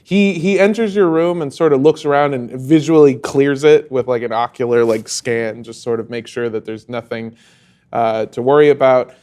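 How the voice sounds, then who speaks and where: A male game master narrating a tabletop role-playing session. He speaks at an ordinary pitch, in a loose, rambling way with frequent pauses. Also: darkish tone. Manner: loose, hesitant, many fillers.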